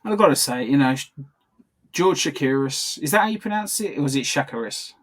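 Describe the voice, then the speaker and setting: A man co-hosting a commentary podcast from a video call, his voice sitting a little high. He talks in loose, chatty runs and often restarts his sentences. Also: animated, quick pace, a bit bright. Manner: chatty, self-correcting, laughs often. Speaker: podcast co-host. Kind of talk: casual commentary chat.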